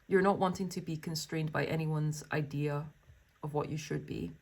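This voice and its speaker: A woman's voice: low-pitched, steady tone, normal speed, vocal fry, darkish tone, husky. A woman giving a tarot reading, reading card texts aloud and chatting to viewers in a gushing, exclamatory way. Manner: gushing and exclamatory, full of wows and oh my goshes.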